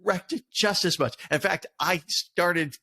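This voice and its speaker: A middle-aged man co-hosting a casual podcast chat, affirming his partner, adding quick quips and chuckling often. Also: sits high, creaky, sharp tone. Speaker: podcast co-host.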